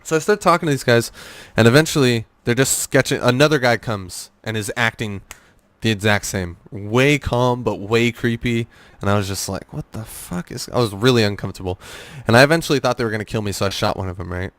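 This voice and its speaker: A man's voice: medium pitch, brisk, fairly bright tone, no room sound. A young man as a podcast guest, rambling through gaming stories with lots of fillers and restarts. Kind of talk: casual podcast interview.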